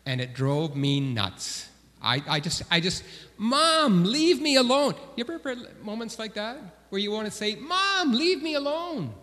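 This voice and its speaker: A man giving a children's message in church, telling gentle stories and asking the children questions. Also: a little high. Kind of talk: children's sermon storytelling. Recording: long hall reverb.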